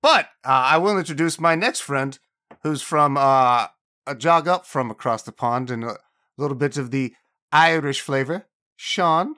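A man's voice: on the high side, unhurried, bright, forceful tone. A man hosting a casual podcast, joking playfully with his friends. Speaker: podcast host.

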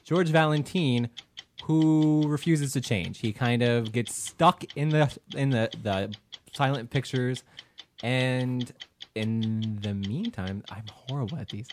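A man's voice: mid-range voice, slow pace, a little hiss or hum. A man co-hosting a casual movie podcast, laughing easily and rambling through a plot summary. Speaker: podcast co-host.

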